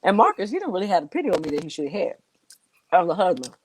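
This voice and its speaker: A woman with a fairly low-pitched voice races through a funny story, and the recording carries a little hiss or hum. She's a guest singer telling it with lots of energy, laughing and acting out voices as she goes.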